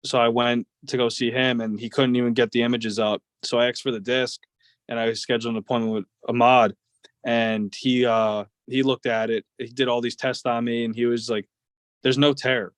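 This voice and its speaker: Young male ballplayer, casual guest, rambling storyteller with many fillers, monotone delivery. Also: mid-range voice, normal speed, clean tone, dry recording. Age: 20s. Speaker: guest, professional baseball player.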